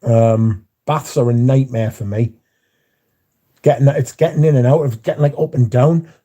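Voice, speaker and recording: Livestream host: man, rambling casual chat, mellow dark tone, mid pitch. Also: moderate pace. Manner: rambling, repeats words, plain-spoken. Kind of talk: casual chat, reading out viewer comments.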